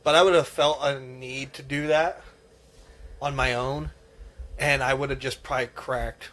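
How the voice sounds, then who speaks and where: A man's voice: mid-range voice, steady tone, measured pace, fairly bright tone. A man on a casual podcast, rambling earnestly through a personal story. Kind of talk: casual chat.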